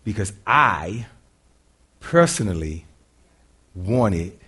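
An older man preaching a sermon in a church, telling a folksy story with animated delivery and frequent laughter. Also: lowish voice, drawn-out words, husky.

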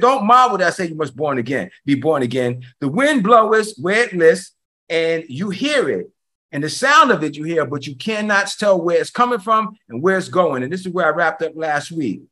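A man preaching an energetic sermon, talking fast, excited, and repeating words for emphasis. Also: high voice.

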